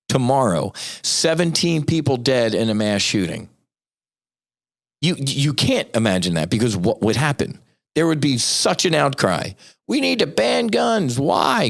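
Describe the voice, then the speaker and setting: A middle-aged American man hosting a podcast, delivering a blunt, profane, fired-up monologue. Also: medium pitch. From United States. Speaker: podcast host. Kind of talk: impassioned monologue.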